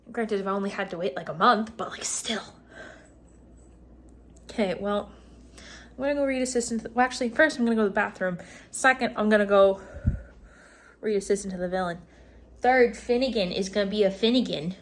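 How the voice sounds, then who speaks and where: A woman's voice: mid-range voice, normal speed, pauses often. A young woman vlogging casually about books, ranting dramatically and swearing in mock outrage. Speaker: book vlogger. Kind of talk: casual reading vlog rant.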